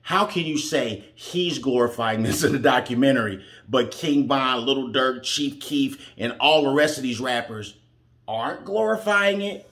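A man's voice: medium pitch, unhurried, a bit bright. A man giving reaction commentary, blunt and heated, swearing freely as he argues his point. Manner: blunt, heated, profane, preachy. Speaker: reaction show host.

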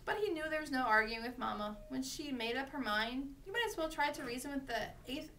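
A woman reading a children's storybook aloud with steady, expressive narration. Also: high-pitched, brisk, recorded from a distance. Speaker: reader.

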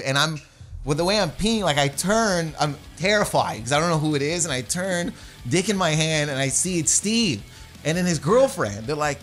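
A man telling a rowdy stand-up-style story in a casual chat, his voice slightly high for a man. He swears freely and slips into the voices of the people he describes. Soft music plays faintly in the background. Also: moderate pace. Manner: animated, profane, acts out the other people's lines. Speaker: stand-up comedian, guest.

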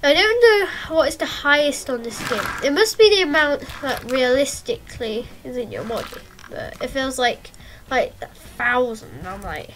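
A woman's voice: high-pitched, very animated, moderate pace, a bit bright, slight background noise. A woman giving rambling, hesitant gameplay commentary with lots of ums, breaking into yelps and exclamations as the game action happens. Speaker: gameplay channel host.

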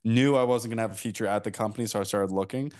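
A man's voice: fairly low pitch, racing, darkish tone. A man from New Jersey hosting a casual podcast, telling stories in a blunt, profane way. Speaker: podcast host.

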